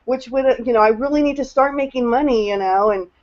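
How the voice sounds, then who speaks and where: A woman's voice: fairly high pitch, fairly quick, dull audio. A woman on a video call sharing her experience as a new team member in a rambling, emotional way, full of fillers and restarts. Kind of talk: casual testimonial on a video call.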